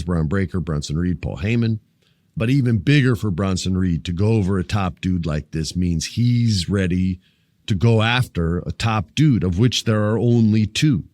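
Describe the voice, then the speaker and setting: A low-pitched man hosts a casual wrestling podcast, chatting loosely and cracking jokes at his listeners. He swears freely and jumps into wrestlers' lines with real energy. The sound is close and dry, with no room around it. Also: no room sound. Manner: animated, acts out wrestlers' lines in higher, louder voice. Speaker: podcast host.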